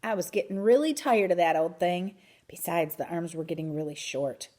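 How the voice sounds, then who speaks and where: A woman voicing an excited schoolboy who speaks loudly in a storybook read-aloud. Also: lowish voice, normal speed, lightly acted. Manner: loud, excited.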